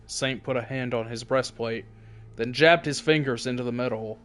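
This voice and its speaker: A man hosting a game video, reading story lore aloud in steady narration with casual asides. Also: mid-range voice, moderate pace. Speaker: let's play host.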